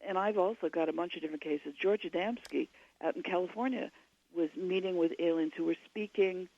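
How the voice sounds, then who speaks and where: A woman's voice: fairly low pitch, a little fast, creaky, highs cut off. A woman, a guest author on a radio interview, giving long and digressive explanations.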